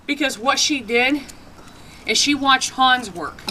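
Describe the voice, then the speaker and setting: A woman talks casually through a dog training session outdoors, breaking now and then into high sing-song praise for her dogs. Her voice sits a bit high. The recording carries clear background noise. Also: takes it slowly, bright, forceful tone, poor audio.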